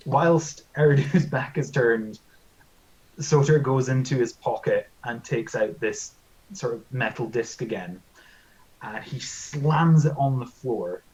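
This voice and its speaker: A man playing a tabletop role-playing game, talking hesitantly with many fillers. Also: mid-range voice. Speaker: player. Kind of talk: tabletop role-play as a player. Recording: dull lo-fi mic.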